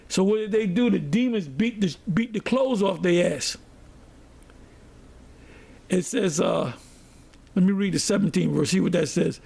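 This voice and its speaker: Man, preaching and storytelling, high voice with a gravelly edge. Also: normal speed, long pauses, a little mellow. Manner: storytelling, reads scripture aloud. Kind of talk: sermon.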